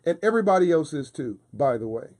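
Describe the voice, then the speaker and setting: A man's voice: a little high, sing-song, fast, a little mellow. A man talking as a guest on a radio show, passionate and emphatic with a preaching cadence, repeating phrases for force. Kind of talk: casual radio interview talk. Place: radio studio.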